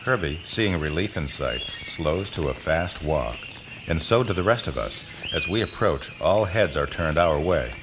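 Deep-voiced, expressive male audiobook narrator. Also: a little slow, background noise. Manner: expressive storytelling that voices the boys. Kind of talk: scripted first-person audiobook narration.

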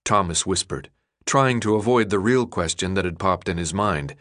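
A man narrating an audiobook in a measured, expressive storytelling voice. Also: deep voice. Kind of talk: scripted narration.

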